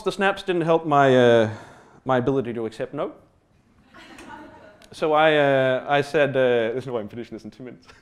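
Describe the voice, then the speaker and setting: A man from Australia telling a humorous personal story in a talk, rambling with fillers, self-deprecating asides and casual swearing. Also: mid-range voice. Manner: rambling with many fillers and restarts. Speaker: speaker giving a stage talk.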